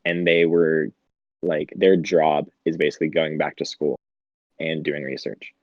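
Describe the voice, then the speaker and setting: A man's voice: rumbling low, little pitch movement, a little slow, no room sound, highs cut off. A young man co-hosting a podcast in casual chat, laughing often and swearing, with lots of fillers. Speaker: podcast co-host.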